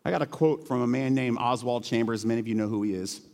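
A middle-aged male pastor preaching a sermon in a church, earnest and emotional, dropping to hushed tones and then rising to emphatic peaks. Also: medium pitch, fast, long reverb tail. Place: church sanctuary.

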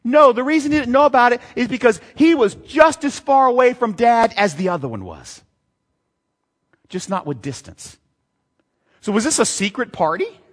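Lively high-voiced male preacher. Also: normal speed. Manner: animated, rhetorical questions, reads and retells scripture. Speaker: pastor. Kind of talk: sermon. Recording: long hall reverb.

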